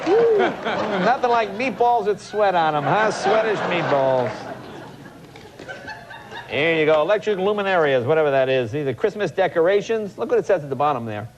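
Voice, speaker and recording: A man's voice: high voice, lively intonation, moderate pace, lo-fi sound, some chatter behind, slight background noise. A man in his forties hosting a late-night show, reading odd newspaper clippings with wry, mock-incredulous asides. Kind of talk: comic monologue reading clippings. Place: television studio with live audience. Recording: loud studio audience laughter.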